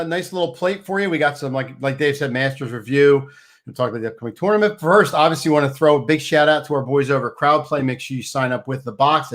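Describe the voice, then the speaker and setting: A man hosting a casual sports talk show, chatty and energetic, plugging sponsors between topics. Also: on the high side.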